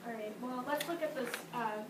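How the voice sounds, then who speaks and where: A woman teaching a music class, talking lively and breaking into sing-song examples, recorded from afar in a classroom. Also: on the high side, brisk. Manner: lively, sing-song demonstrations with frequent laughs. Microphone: distant camera mic. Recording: echoey classroom from far off, noisy.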